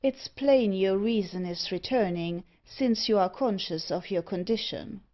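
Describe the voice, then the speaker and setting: A woman voicing a sinister male keeper in an audiobook, calm and measured. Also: mid-range voice, lo-fi sound, close to an everyday voice. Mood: cold.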